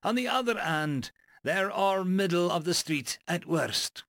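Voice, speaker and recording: A man doing a pedantic alien crewmate, a touch high. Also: lively intonation, a little slow, fairly bright tone, no room sound, clean studio sound, full character voice. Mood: explaining. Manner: matter-of-fact, over-explaining.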